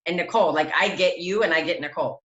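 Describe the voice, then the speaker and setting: A woman's voice: on the low side, fast talker, fairly bright tone. A woman hosting a podcast interview, effusive and affirming in casual chat. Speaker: podcast host. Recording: roomy, dull lo-fi sound.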